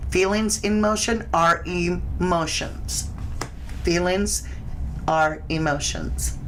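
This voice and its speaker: Chatty low-voiced woman reading tarot. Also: a little hiss or hum, low-quality recording. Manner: chatty and conversational, with frequent restarts and fillers. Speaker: tarot reader host. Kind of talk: live stream tarot reading, answering viewer questions.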